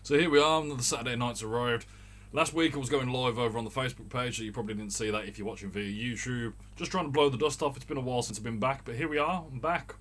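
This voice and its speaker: A man's voice: medium pitch, quick pace, fairly bright tone. A man in his thirties with a mild Birmingham accent, rambling casually through a solo rant as the show's host. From Birmingham, England. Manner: rambling, chatty, swearing. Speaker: podcast host.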